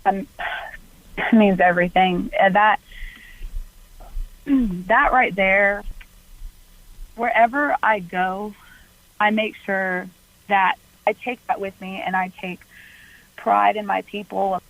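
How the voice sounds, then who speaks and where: A young woman from Mississippi, a college softball pitcher talking earnestly and chattily as a guest in a radio interview, full of "like" fillers. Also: steady tone, takes it slowly, long pauses, no echo, low-quality recording. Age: young adult.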